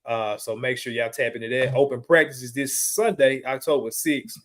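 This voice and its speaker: A man hosts a podcast in an easygoing, laid-back way. His voice sits at an ordinary middle pitch. He rolls through shout-outs and chat with an unhurried, friendly rhythm. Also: steady tone. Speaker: podcast host. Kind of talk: casual chat.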